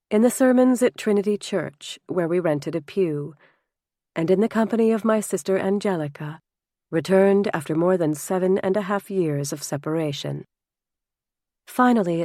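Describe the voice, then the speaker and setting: Low-voiced woman narrating an audiobook. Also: no room sound, clean studio sound. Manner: measured, heartfelt storytelling. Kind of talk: scripted first-person narration. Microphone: close studio mic.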